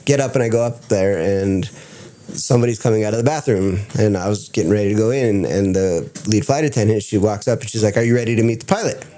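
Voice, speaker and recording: A man telling stories as a podcast guest in casual chat, excitable and swearing freely. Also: fairly low pitch, fairly quick. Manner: excitable, profane storyteller.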